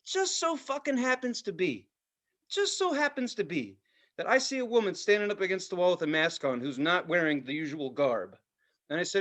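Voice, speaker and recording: A man's voice: high-pitched, fairly quick. A middle-aged man, a podcast co-host, telling a story in casual chat, heated and full of swearing. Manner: heated, profane, animated storytelling.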